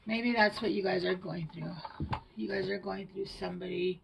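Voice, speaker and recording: A woman giving a tarot reading to her viewers, gentle and reassuring, with hushed whispered asides. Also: lowish voice, steady tone, moderate pace, vocal fry, slight background noise, low-quality recording. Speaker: tarot reader.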